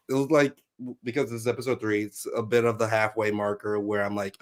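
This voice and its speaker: A man's voice: mid-range voice, fairly even intonation, brisk, hardly any pauses. A man co-hosting a casual podcast chat, talking animatedly and acting out lines he quotes. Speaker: podcast co-host.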